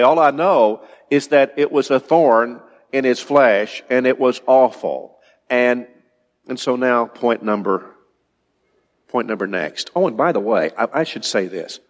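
A male pastor preaching to his congregation, his voice sitting in a middling register. He talks in a halting, thinking-aloud way, restarting and repeating words. The sound carries the long reverb of a large hall. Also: mid-range voice. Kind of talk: sermon.

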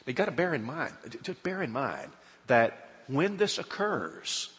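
A man preaching a sermon, retelling scripture and acting out the quoted voices with sudden bursts of loudness. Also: medium pitch. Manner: dramatic retelling, acts out quoted speech with rising loudness. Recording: long hall reverb.

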